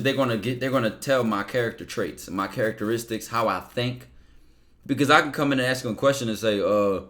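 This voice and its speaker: A man's voice: medium pitch, pushed and bright. A man hosting a call-in advice show, talking bluntly and with energy and swearing freely. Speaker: host.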